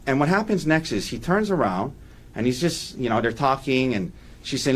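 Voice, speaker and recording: A man's voice: medium pitch, lively intonation, moderate pace. A man giving a courtroom opening statement as defense attorney, emphatic and repeating key points for weight.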